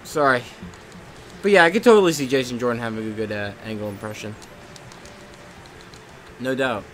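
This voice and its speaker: A man's voice: mid-range voice, normal speed, a little hiss or hum. A young man chatting casually while he live streams a game, rambling and swearing at the game now and then. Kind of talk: casual chat while gaming.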